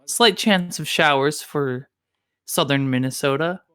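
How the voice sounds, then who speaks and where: A marathon commentator putting on a calm, measured public radio announcer voice to read the morning weather. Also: mid-range voice, smooth, no echo, clean studio sound. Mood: soothing.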